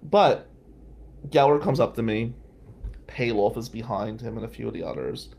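A male podcast host telling a personal story in an animated way, swearing freely and loudly acting out what others said. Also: mid-range voice, moderate pace, vocal fry.

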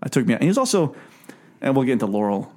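A man's voice: medium pitch, big pitch swings, quick pace, mellow. A man hosting a casual podcast chat, talking in a chatty, jokey way. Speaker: podcast host.

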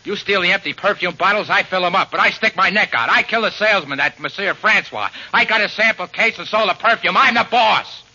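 An actor playing a domineering crook who fakes a French accent, in a 1940s radio drama style. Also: male voice, high voice, steady tone, fast, few pauses, heavily acted. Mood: threatening. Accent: put-on French. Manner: mocking, domineering, barking threats. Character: menacing male con man faking a French accent. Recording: lo-fi old radio recording with loud hiss.

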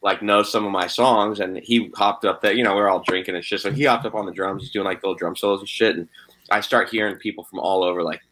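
A man's voice: on the low side, fairly even intonation, fast, fairly bright tone. A young man, a guitarist, chatting casually, swearing often and saying "dude" and "like" a lot. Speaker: guitarist in a band. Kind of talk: casual chat.

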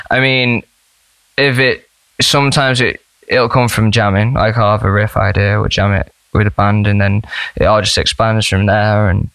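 A man chats loosely about his music, restarting sentences and filling gaps with "you know". His voice is smooth and resonant. The recording is close and dry. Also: mid-range voice, bright, forceful tone, dry recording. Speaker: musician guest. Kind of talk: casual interview chat.

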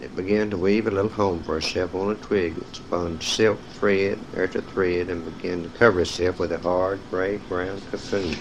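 Low-voiced man reading picture books aloud. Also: fairly even intonation, moderate pace, hardly any pauses, noisy background. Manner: speaks directly to young listeners, cueing page turns. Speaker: storyteller. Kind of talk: reading children's stories aloud.

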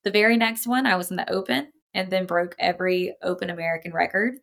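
A young adult woman, a podcast guest and powerlifting coach, telling her stories in casual chat, animated, often laughing and acting out what people said. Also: lowish voice, fast talker, vocal fry. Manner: animated, laughs often, acts out quoted voices.

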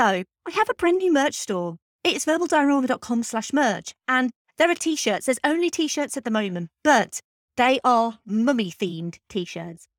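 A woman's voice: fairly high pitch, no echo, studio quality. Upbeat woman podcast host. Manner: chatty, enthusiastic, self-deprecating. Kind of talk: scripted podcast outro. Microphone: podcast microphone.

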